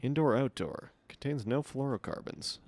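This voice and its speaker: A man's voice: medium pitch, normal speed, a little mellow, slight background noise. A man casually commenting on his gameplay during a live stream, wry and swearing when startled.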